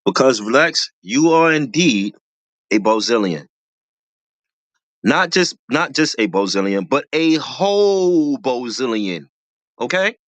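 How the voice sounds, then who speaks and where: A reality show commentator in casual commentary, slangy and animated, repeating lines for emphasis, with a voice that jumps high when excited. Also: slow, dry recording.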